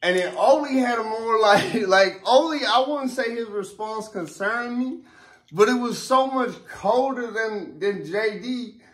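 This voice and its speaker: A man's voice: high voice, unhurried, a bit bright. A young man rambling through heated casual commentary, full of profane street slang, restarts and fillers, getting emphatic when riled up. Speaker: vlogger. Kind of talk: casual ranting commentary to camera.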